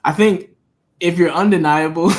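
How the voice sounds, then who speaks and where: A man's voice: on the high side, fairly even intonation, measured pace. Laid-back male podcast guest. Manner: laid-back, reflective, laughs easily. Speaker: guest, media company co-founder. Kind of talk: casual podcast conversation.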